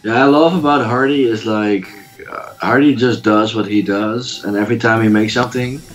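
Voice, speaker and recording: A man's voice: fairly low pitch, steady tone, normal speed, soft background music, low-quality recording. A man guesting on a casual livestream chat, enthusiastic and laughing as he talks. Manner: enthusiastic, laughs while talking.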